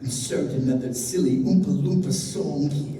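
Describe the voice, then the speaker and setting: A man's voice: medium pitch, normal speed, a crowd in the background. A man reading stage directions aloud at a live script reading, with wry, joking asides. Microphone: phone in the audience. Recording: echoey hall, phone from far off, loud noise.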